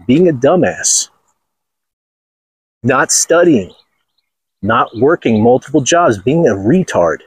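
A blunt, crude man rants and mocks as he walks a golf course, laughing often. His voice is husky and breathy, and his pitch swings about widely. The sound is dry, with little echo. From Los Angeles, USA. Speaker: channel host. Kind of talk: casual walking vlog rant.

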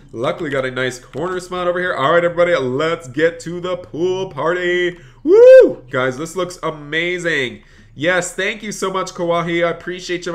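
A young man streaming a driving game live, chatting to viewers and gushing with thanks for donations. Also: medium pitch. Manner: excitable, gushing thanks to donors.

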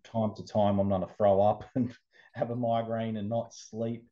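A man's voice: fairly low pitch, little pitch movement, moderate pace, warm tone, muffled recording. A man telling his personal story as an interview guest, earnest and emotional, often repeating words.

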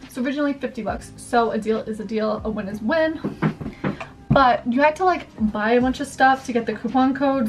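A woman's voice: on the high side, far from the mic. A young woman vlogger chatting casually and rambling through a haul, using "like" a lot. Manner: chatty, rambling, heavy use of "like". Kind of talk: casual haul vlog chat. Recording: voice a bit off-mic, faint music behind. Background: faint background music.

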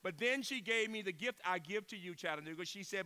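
High-voiced older man giving an emphatic keynote. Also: lively intonation, a little fast, few pauses, clean tone. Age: 60s. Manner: emphatic storyteller, swings between loud bursts and hushed tones. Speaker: university president giving a keynote. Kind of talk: inspirational keynote speech.

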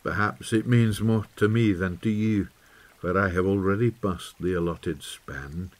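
A man's voice: low-pitched, measured pace. A man voicing an old shepherd who speaks earnestly in a folksy dialect, in an audiobook. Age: older. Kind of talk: audiobook character voice.

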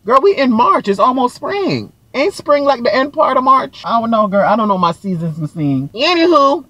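A man's voice: extremely high pitch, sing-song, moderate pace, sharp tone, dry recording. A man vlogging from his car as a delivery driver, talking in a sassy, flamboyant, dramatic way. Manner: sassy, flamboyant, dramatic, keeps saying "girl" and "Miss Thing". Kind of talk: casual vlog chat. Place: inside a car while driving. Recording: car noise behind the voice.

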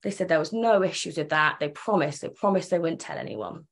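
A woman's voice: low voice, fairly quick. A young woman tells her own story earnestly and emotionally, acting out the remembered dialogue. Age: young adult. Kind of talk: personal storytelling.

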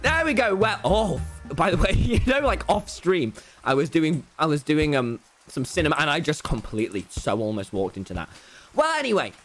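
A young man streaming a game live, talking loudly and excitably to his chat in a brash, boastful way. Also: on the high side, moderate pace, soft background music. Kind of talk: livestream gaming commentary.

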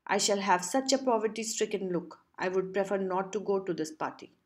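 A woman's voice: mid-range voice, a little fast, natural voice. A woman voicing a vain, discontented young wife who complains sharply. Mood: plaintive.

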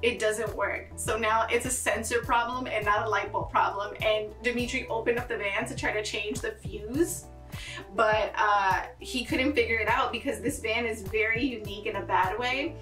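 Bubbly high-voiced woman vlogger. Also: fairly even intonation, moderate pace, a bit bright, echoey room, distant mic, soft background music. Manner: bubbly, lots of "like" fillers. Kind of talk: casual budget vlog.

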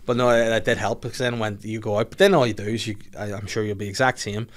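A man's voice: on the low side, fairly even intonation, fast talker. A man with a Northern Irish accent hosting a podcast, trading jokey, sweary banter in casual chat. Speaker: podcast host.

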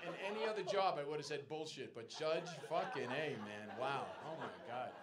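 A man's voice: a little high, animated, a little fast. A man doing stand-up crowd work in a comedy club, brash and profane as he teases the audience. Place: comedy club stage, indoors. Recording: noisy live club with roaring crowd laughter.

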